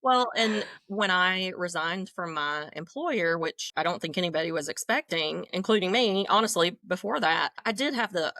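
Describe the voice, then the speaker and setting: A woman's voice: fairly low pitch, animated, normal speed, few pauses, pushed and bright, no room sound. A middle-aged woman talking as a podcast guest, telling her own story in a frank, talkative, self-deprecating way. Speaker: guest, leadership coach. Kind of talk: candid conversational storytelling.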